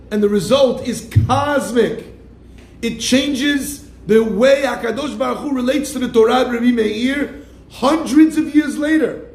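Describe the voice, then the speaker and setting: A man's voice: very high voice, darkish tone. A man giving a sermon as a rabbi, speaking animatedly and acting out the people he quotes, often calling his listeners "my friends.". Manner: keeps addressing listeners as "my friends". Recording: echoey room.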